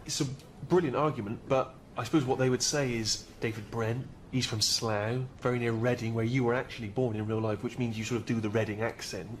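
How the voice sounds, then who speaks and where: A man's voice: medium pitch, steady tone, fairly quick, few pauses, slight background noise. Polite persuasive man in a comedy sketch.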